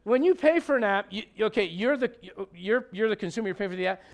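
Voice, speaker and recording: In a church sanctuary, a male pastor with a high, gravelly voice preaches a conversational sermon, talking fast and expressively. He is emphatic and keeps firing questions at the congregation.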